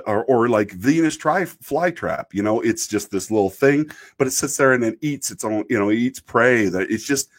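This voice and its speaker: A man from Idaho talking in a casual, rambling way, often stopping and restarting and joking as he hosts a chat. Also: mid-range voice. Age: adult, married. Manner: rambling, self-interrupting, joking. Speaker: show host reading chat.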